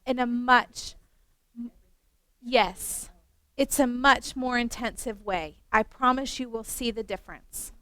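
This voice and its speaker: A middle-aged woman from West Virginia, a teacher trainer telling a story at a workshop, animated with self-mocking humor. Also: a little high, slow pace, no room sound.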